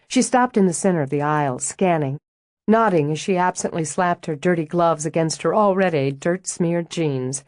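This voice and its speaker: A woman narrating an audiobook in an even, measured reading on a close studio mic. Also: on the low side, dry recording.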